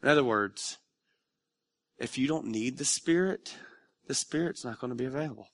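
Impassioned, bright-voiced male pastor preaching. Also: normal speed. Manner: conversational and confessional, surging loud and high when emotional. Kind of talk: sermon. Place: church sanctuary.

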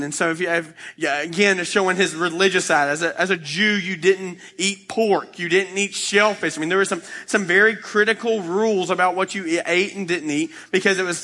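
A man's voice: fairly high pitch, fairly quick, hardly any pauses, sharp tone. A male pastor preaching a sermon, reading scripture and explaining it in a casual, conversational way, acting out the quotes.

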